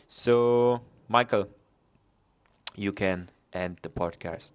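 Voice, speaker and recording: Slow, gravelly-voiced man co-hosting a podcast. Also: fairly low pitch, fairly even intonation. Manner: chatty, laughs off technical trouble. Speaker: podcast co-host. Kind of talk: casual podcast chat. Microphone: online call setup.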